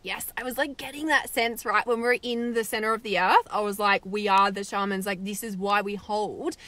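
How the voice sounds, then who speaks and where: A woman's voice: medium pitch, fairly even intonation, moderate pace, sharp tone, no room sound. A woman hosting a live meditation stream, bubbly and laughing often as she reads viewer comments aloud in a casual chat.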